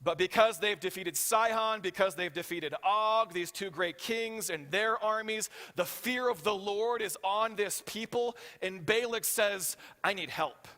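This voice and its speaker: A man preaching a sermon as pastor, telling the story with animated voices for the characters and often checking in with the congregation. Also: high voice, measured pace, hardly any pauses. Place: church hall. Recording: reverberant hall.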